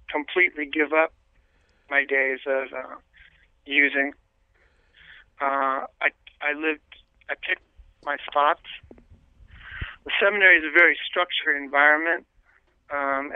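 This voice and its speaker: A man, a priest, earnestly telling his life story as an interview guest, pausing often with fillers and restarts. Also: fairly high pitch, smooth, no echo. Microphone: telephone. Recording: tinny dry phone line.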